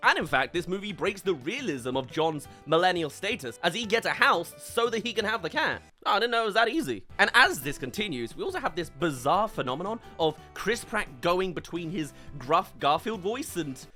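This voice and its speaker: A man's voice: sits high, very animated, normal speed, hardly any pauses, pushed and bright, soft background music. A young man giving a comedic, sarcastic film review commentary. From United Kingdom. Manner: sarcastic and wry.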